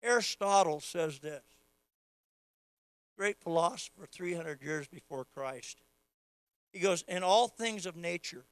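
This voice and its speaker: A man preaching a sermon, moving from casual teaching to loud, fervent prayer. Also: sits high, lively intonation, a little slow, pauses often, clear, resonant tone, no room sound. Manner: acts out quoted voices of God playfully. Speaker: pastor.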